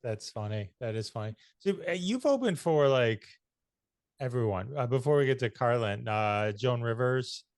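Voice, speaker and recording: A man's voice: medium pitch, animated, moderate pace, darkish tone, no room sound, clean studio sound. A male podcast host asking a guest curious, casual questions with brief reactions.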